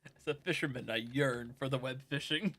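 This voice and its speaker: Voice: medium pitch, moderate pace, fairly bright tone. A streamer in casual gaming chat, rambling and joking with frequent giggles.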